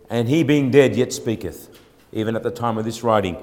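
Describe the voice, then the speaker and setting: A man preaching a sermon. He moves between quiet, reflective passages and loud, building exhortation full of repeated rhetorical questions. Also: mid-range voice, brisk. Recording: long hall reverb.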